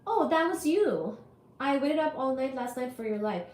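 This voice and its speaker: A woman with a high-pitched, very animated, slightly mellow voice, speaking at normal speed, hosts a physics livestream and chats casually with viewers, reading their comments aloud. She's chatty and apologetic, still recovering from an illness. The room is echoey, with faint ambience.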